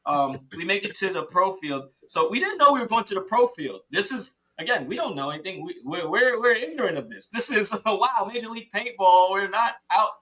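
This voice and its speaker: A man talking casually on a podcast, telling a rambling, excited story with many restarts and laughs, and acting out what his teammates said. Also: high voice, fairly quick, hardly any pauses. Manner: quotes teammates in lively voices. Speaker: podcast guest, paintball player.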